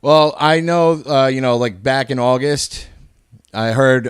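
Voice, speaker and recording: Profane, ranting prank-call host. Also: male voice, medium pitch, slow, clear, resonant tone, no room sound, studio quality. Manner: aggressive, profane, confrontational ranting.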